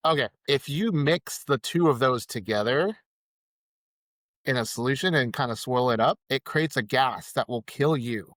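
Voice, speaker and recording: In a mid-range, unhurried voice, a rideshare driver guesting on a podcast tells a rideshare story in casual conversation, an animated storyteller who acts out the quotes. The recording is dry with clean studio sound.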